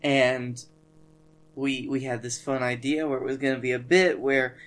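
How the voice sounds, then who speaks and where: A man, co-hosting a podcast and telling stories in a dry, deadpan way. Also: medium pitch, moderate pace. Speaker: podcast co-host. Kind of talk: casual comedic storytelling.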